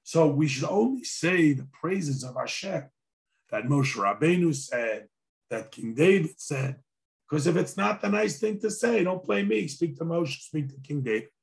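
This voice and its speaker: Hoarse rabbi giving a wry talk. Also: male voice, fairly high pitch, lively intonation, unhurried. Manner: conversational and wry, with dry humor. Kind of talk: sermon-style lecture with storytelling.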